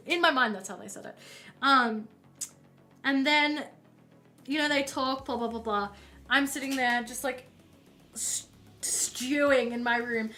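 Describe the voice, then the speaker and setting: Chatty high-voiced woman streamer. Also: pushed and bright. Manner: chatty, rambling storyteller with many fillers. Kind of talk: casual storytelling on a live stream. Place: indoors at home while painting.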